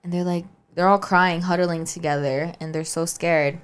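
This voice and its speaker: Woman, podcast co-host, low voice, chatty storytelling, lots of "like" and "right?". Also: steady tone, moderate pace, clean tone. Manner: chatty, keeps saying "right?" and "like". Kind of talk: casual storytelling.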